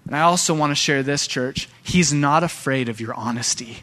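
A pastor, a father of young sons, preaching a sermon in an animated way and often addressing the church directly. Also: medium pitch, normal speed. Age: young adult to middle-aged, father of young sons.

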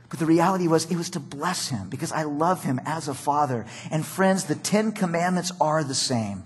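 Husky high-voiced pastor preaching. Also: male voice, big pitch swings, a little fast, few pauses, fairly bright tone. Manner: conversational, storytelling with acted quotes. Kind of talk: sermon.

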